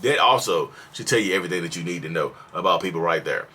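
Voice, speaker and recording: A low-pitched man talks quickly over slight background noise as he hosts a mental health vlog. Addressing the camera directly, he hands out casual, preachy advice, repeats himself to stress it, and animatedly puts on acted voices.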